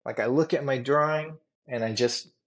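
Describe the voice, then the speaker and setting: Speaking at a moderate pace and medium pitch, this man is a tattoo artist guest sharing candid stories in interview form. His delivery is rambling, heartfelt and emotional, with frequent "you know" and "like" fillers.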